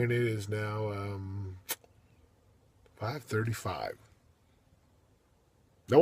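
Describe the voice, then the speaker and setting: A man giving a motivational monologue as a coach, emphatic and preachy, with big swings in loudness. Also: medium pitch, breathy edge, no echo.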